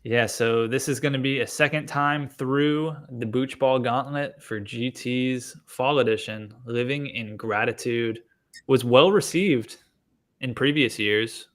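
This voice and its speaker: A man's voice: mid-range voice, unhurried. A man co-hosting a casual podcast chat, teasing the others with dry jokes. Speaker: podcast co-host.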